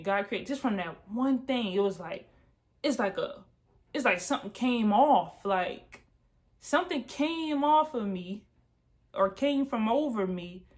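A young woman talking to camera in a casual, heartfelt testimony, earnest and repetitive with slangy asides. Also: mid-range voice. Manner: earnest, repeats herself, slangy ("bro", "y'all"). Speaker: Christian vlogger sharing testimony.

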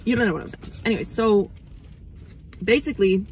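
A little fast and a little mellow, her mid-range voice comes with a slight hiss or hum in the background. The young astrology channel host rambles through a casual spiritual monologue, swearing freely, with flashes of emotion.

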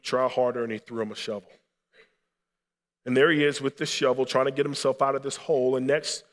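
A man's voice: mid-range voice, long reverb tail. A man preaching a sermon as pastor, earnestly, building to impassioned appeals. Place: church sanctuary.

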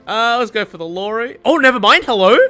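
A young woman giving casual, excitable commentary over her own gameplay, swearing and laughing often. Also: a little high, a little fast. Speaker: gaming streamer.

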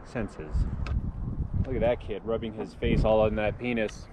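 A man's voice: on the low side, fairly even intonation, measured pace, noisy background. A man joking and teasing along with his companion on an outdoor hike. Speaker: vlogger's companion. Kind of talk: casual banter. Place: outdoors on a mountain trail.

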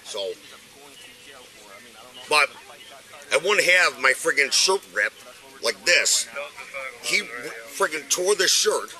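An older man talks outdoors, agitated and swearing as he explains himself to police. His voice is sharp and very bright. It is captured by a body camera on the street. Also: fairly high pitch, very animated, slow, long pauses. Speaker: bystander in police dispute. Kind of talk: heated street argument.

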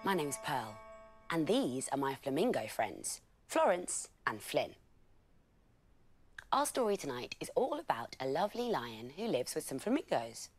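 A woman presenting a bedtime story for children, reading it aloud gently and expressively. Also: deep voice, sing-song, a little slow, faint music behind.

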